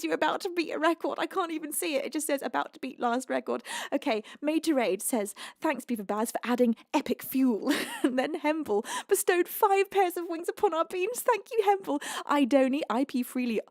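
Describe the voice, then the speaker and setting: A young British woman from the United Kingdom, a livestream singer and host, reads out donations during a music stream, casual and emotional, breathless and laughing through tears. Her voice is high and a little mellow, captured in a dry, clean studio recording.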